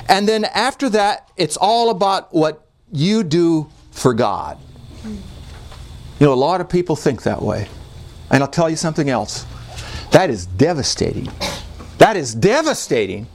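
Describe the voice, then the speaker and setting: Animated high-voiced male preacher. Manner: animated preaching with emphatic repetitions. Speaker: pastor. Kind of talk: expository sermon.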